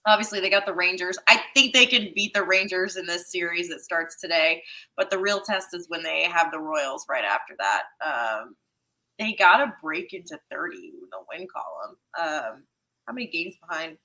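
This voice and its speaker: A woman co-hosting a casual sports roundtable, giving measured opinions with thinking pauses. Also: lowish voice, sing-song, sharp tone, low-quality recording. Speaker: podcast co-host.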